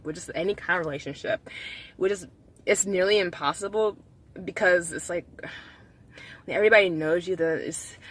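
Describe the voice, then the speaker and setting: Young woman vlogger with a low-set voice and a bright, sharp tone; chatty, rambling monologue. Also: low-quality recording. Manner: rambling, many fillers and restarts. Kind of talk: casual vlog monologue.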